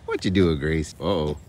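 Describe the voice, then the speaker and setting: A young man vlogging casually around his farm and new house, chatting, laughing often and using high baby talk with the animals. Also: a little mellow, slight background noise. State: soaked from rain. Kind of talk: casual vlog narration. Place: outdoors on a farm, and a house under construction.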